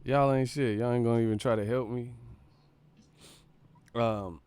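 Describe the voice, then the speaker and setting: A man hosting a live stream from a multi-camera setup. His voice is smooth and clear, close and dry with no room sound. He talks in a loose, profane, joking way and laughs easily. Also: medium pitch, steady tone, a little slow, darkish tone, no echo. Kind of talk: casual live-stream chat.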